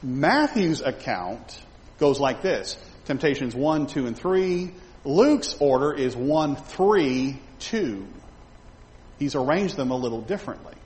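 Animated man teaching the Bible in a hall. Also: medium pitch, takes it slowly. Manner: animated, conversational, asks the audience questions. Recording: reverberant hall with faint background noise.

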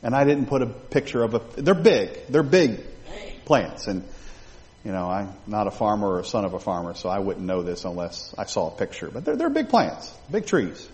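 A male pastor preaching a sermon, animated and full of rhetorical questions to his congregation. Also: on the low side, normal speed. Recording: long reverb of a large hall.

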